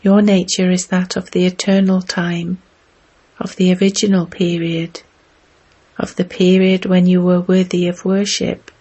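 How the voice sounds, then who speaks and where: Slow, low-key woman giving a spiritual talk. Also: flat delivery, dark tone, slightly rough. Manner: measured, exhorting with rhetorical questions. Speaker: spiritual teacher. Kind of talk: slow spiritual discourse reading.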